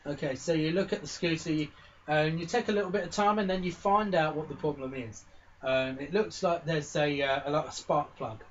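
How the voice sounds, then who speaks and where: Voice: mid-range voice, steady tone, fairly quick, muffled recording, slight background noise. A game master narrating a pony tabletop role-playing game in a rambling, casual way full of fillers.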